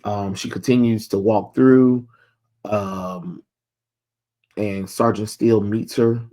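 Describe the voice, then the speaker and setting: A man's voice: fairly low pitch, steady tone, slow, dark tone. A man casually recapping a comic book issue, rambling with lots of ums and blunt, sarcastic asides. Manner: rambling, many filler ums.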